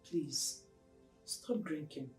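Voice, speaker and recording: Caring confidante, very low voice, Nigerian accent, echoey, music underneath. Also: female voice, animated, very slow, darkish tone, heavily acted. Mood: earnest. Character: concerned woman urging a man to stop drinking. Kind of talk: film drama acting.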